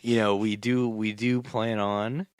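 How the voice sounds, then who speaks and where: A man's voice: fairly low pitch, flat delivery, measured pace, clean tone, dry recording, clean studio sound. A man co-hosting a podcast, teasing and joking his way through casual chat. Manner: playful, teasing, jumps into bits. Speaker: podcast co-host.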